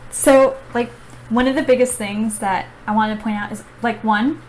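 A woman's voice: a little high, normal speed, slight background noise, rough recording. Chatty young woman podcast host. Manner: excited, chatty, lots of "like". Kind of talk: casual chat and reading aloud.

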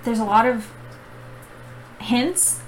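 A young woman hosting a book podcast, chatty and excitable, reading narration aloud. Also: on the high side, takes it slowly, faint music behind, low-quality recording. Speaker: podcast host. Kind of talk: casual chat and reading aloud.

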